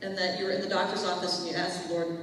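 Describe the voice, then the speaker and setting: A woman's voice: on the low side, level tone, fast, fairly bright tone, a little hiss or hum. A woman telling a personal testimony to a church audience, chatting in a storytelling way and acting out the lines people said. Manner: chatty storytelling, acts out quoted dialogue. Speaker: church speaker. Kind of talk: testimony to a congregation. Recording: echoey hall, distant mic.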